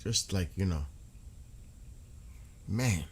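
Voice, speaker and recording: A middle-aged man streaming live, talking in a halting, emotional way with many restarts. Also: sits low, lively intonation, slight background noise. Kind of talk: casual live-stream talk.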